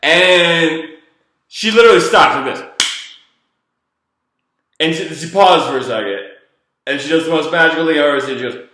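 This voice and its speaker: A man, a former treatment counselor, telling a personal story in a casual, rambling, animated way. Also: a little high, moderate pace, long pauses, roomy sound.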